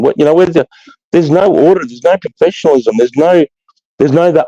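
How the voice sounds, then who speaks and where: Fired-up Australian army veteran, dark dull voice. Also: male voice, fairly high pitch, lively intonation, a little fast, dry recording. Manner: fired-up, swears heavily, says "mate" constantly. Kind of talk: casual chat. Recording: slightly dull lo-fi sound.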